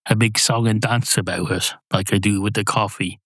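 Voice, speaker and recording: A man's voice: on the low side, steady tone, normal speed, fairly bright tone, no echo, studio quality. A man doing a laid-back wisecracking pub cat. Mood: wry. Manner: easygoing, sardonic banter. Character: chatty pub-going male cat, relaxed and wry.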